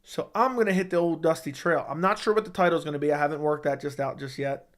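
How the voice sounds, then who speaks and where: A young man hosting a casual livestream, reading viewer comments in a laid-back, low-key way and swearing casually. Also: fast. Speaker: livestream host reading chat.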